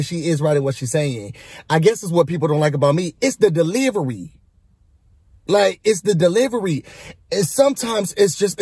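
Sassy high-voiced man recapping gossip. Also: darkish tone, breathy edge, no echo, studio quality. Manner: sassy, chatty, talks straight to viewers. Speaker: reality TV recap host. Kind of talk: casual gossipy show recap.

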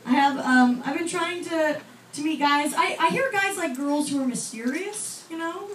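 A young woman performing a chatty, self-deprecating stand-up set on a comedy club stage, with lots of fillers and quick asides to the audience. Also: sits high, slight background noise. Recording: roomy club audio from far off, with loud crowd laughter.

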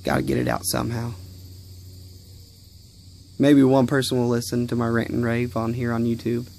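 A man's voice: medium pitch, normal speed, creaky, darkish tone, slight background noise. A young man rambling and swearing casually in a vlog, talking outdoors in his yard. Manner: rambling, profane, easily irritated. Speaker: vlogger.

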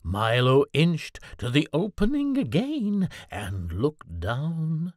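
Woman narrator for a kids' storybook, very slow and very animated, dry close sound. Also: low voice, dry recording. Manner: slow, gentle, very expressive reading. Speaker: storybook reader.

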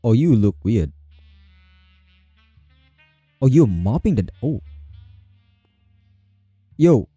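A man's voice: mid-range voice, very animated, takes it slowly, pauses often, mellow, breathy edge, dry recording, soft background music. A man giving let's play commentary on a horror game, talking to himself and repeating phrases when he gets nervous. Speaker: gamer playing a horror game.

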